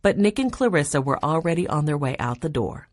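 A woman narrating a children's chapter book in a clear, even storytelling manner. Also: low voice, a little fast, no room sound, clean studio sound. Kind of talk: audiobook narration.

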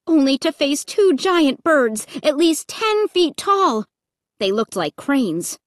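A woman reads a first-person audiobook with dramatic expression, her voice high and her pace unhurried. The recording is dry and close, with no room sound. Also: no room sound. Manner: dramatic, expressive reading with shrieks. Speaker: audiobook narrator.

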